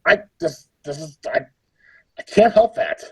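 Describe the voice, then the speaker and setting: A man's voice: on the high side, expressive, measured pace, crowd noise, poor audio. A man in his thirties hosting a livestream, chatting casually and jokily as he reads out the matchups. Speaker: livestream host. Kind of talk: casual chat.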